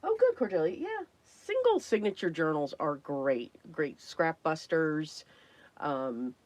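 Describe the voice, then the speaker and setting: A woman hosting a casual crafting livestream, chatty and greeting viewers by name, her voice hoarse and worn from talking, often clearing her throat. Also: low voice, very animated, slow pace, a little mellow, no room sound. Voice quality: frequent throat clearing and coughs.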